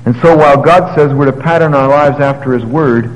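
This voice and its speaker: A man preaching a sermon, telling the story with lively paraphrases and moving between loud, emphatic passages and quiet, low ones. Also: fairly quick. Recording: long hall reverb.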